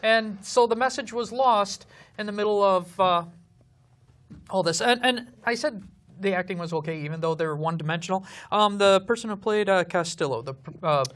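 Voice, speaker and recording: A co-host of a film review show giving measured, critical opinions in a casual chat. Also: medium pitch, fairly bright tone.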